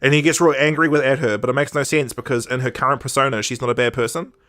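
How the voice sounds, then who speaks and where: A man's voice: medium pitch, steady tone, quick pace, a bit bright. A man co-hosting a podcast, chatting casually and rambling through jokes and silly impressions. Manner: rambling, jokey, mimics characters with sound effects. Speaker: podcast co-host. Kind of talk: casual chat.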